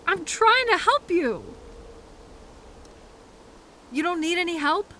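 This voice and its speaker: A woman's voice: very high voice, big pitch swings, takes it slowly, bright, forceful tone, a little hiss or hum. A young woman performing a scripted audio role-play as a coworker who finds the listener in a blizzard, fussy and scolding, then apologetic, with quirky mild exclamations.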